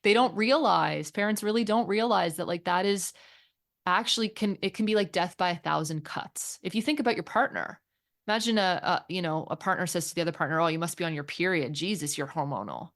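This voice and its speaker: A woman's voice: medium pitch, a little fast. A woman co-hosting a casual parenting chat, earnest and reflective, thinking aloud as she talks. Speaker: podcast co-host and teen therapist.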